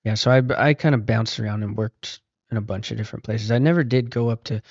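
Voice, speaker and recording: A man's voice: fairly low pitch, fast, no echo. A middle-aged man, a podcast guest and author, telling long casual anecdotes with easygoing restarts. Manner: relaxed, rambling anecdotes with frequent restarts. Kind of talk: casual storytelling. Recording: dull, lo-fi podcast audio.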